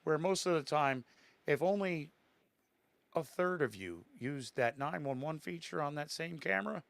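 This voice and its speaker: Laughing as he acts out lines, a man co-hosting a podcast gives an animated, casual retelling of a horror film. His voice is a little high and creaky at normal speed, with no room sound.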